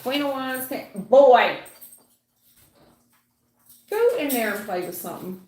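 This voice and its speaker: A woman's voice: high voice, very animated, slow pace, a little mellow, roomy sound. A woman giving a live tarot reading, chatty and folksy, calling viewers honey and baby. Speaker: tarot reader.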